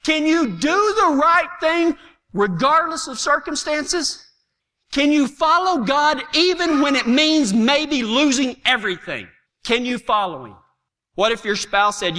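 Animated pastor in an echoing hall. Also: male voice, high voice, unhurried. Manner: animated storytelling, swings from hushed to shouting. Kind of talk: sermon.

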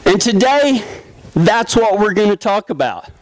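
Middle-aged West Texas preacher, down-home joking delivery, high-pitched voice, dry recording. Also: male voice, very animated, unhurried, dry recording, rough recording. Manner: storytelling, down-home, joking with congregation. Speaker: pastor. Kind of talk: folksy sermon.

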